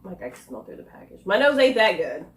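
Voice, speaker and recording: A woman talks through a snack taste test in a casual, chatty way, thinking aloud and dropping into quiet asides. Her pitch moves around a lot. The room around her sounds echoey. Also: sing-song, fast. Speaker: snack reviewer.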